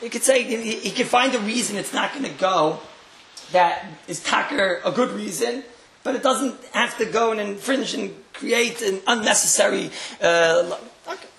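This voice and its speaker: Rabbi guy giving a talk, pretty high voice, jokey asides, roomy echo. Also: moderate pace, gravelly, fairly bright tone. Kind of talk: religious talk to listeners.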